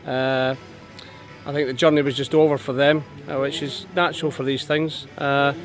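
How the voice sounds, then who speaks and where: A man leading a group trip, talking casually to camera at an outdoor campsite, halting with fillers and restarts. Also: mid-range voice, flat delivery, faint music behind. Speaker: expedition leader of a veterans' charity trip. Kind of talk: casual vlog narration to camera.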